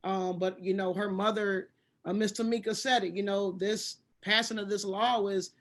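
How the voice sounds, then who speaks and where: A woman speaking as a panelist in a discussion, halting and searching for her words. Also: mid-range voice, steady tone.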